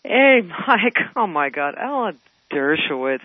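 A woman calling a radio show, speaking in a lively, indignant way. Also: on the high side, moderate pace, no room sound, highs cut off. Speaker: caller. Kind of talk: casual phone call to radio show.

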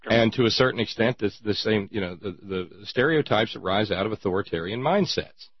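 A man's voice: fairly low pitch, expressive, fairly quick, breathy edge, no room sound. An older man hosting a radio talk show, with a dry, wry and thoughtful manner. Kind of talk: casual radio chat. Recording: dull dry radio audio.

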